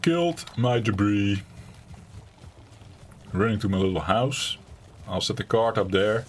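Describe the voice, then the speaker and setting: Low-voiced Dutch-accented gamer. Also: male voice, a little hiss or hum. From Netherlands. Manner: chatty and rambling, talking to chat between tasks. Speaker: game streamer. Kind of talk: casual gameplay commentary.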